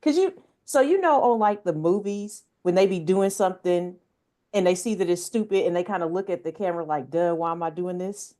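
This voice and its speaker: A woman co-hosting a casual talk show, musing out loud in a chatty way. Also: mid-range voice, expressive, brisk. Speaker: podcast co-host. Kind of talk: casual chat.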